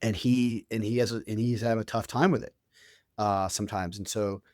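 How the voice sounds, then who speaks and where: A man's voice: fairly low pitch, steady tone, a little fast, a little mellow, no room sound, studio quality. A man in his thirties, a guest on an interview show, telling stories in a casual, conversational way with many restarts and fillers. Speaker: guest, author and youth coach.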